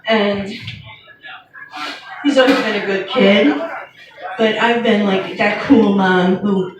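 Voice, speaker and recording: A woman in her fifties doing a stand-up comedy set, telling stories in a wry, deadpan way with pauses before the punchlines. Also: medium pitch, a crowd in the background. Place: comedy venue. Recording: echoey room heard from far off, with noise.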